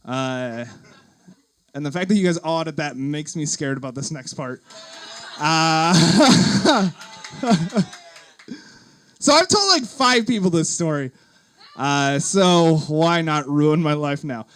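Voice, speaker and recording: A young man telling a funny story on stage to a live audience, animated and giggly, full of likes and uhs. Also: on the high side, slow, pauses often, slight background noise.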